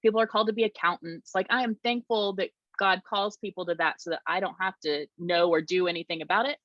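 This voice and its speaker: A woman's voice: on the low side, quick pace, no echo. A woman in her forties chatting on a podcast panel about youth ministry, laughing often and poking fun at herself. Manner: lively, laughs often, self-mocking. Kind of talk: casual podcast chat. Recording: dull dry lo-fi audio.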